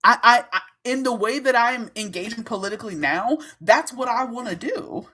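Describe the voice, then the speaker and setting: Animated woman chatting on her livestream. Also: a little high, normal speed, husky. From Minnesota. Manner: animated, talks straight to her chat, laughs often, swears. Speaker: livestream host. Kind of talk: casual livestream chat.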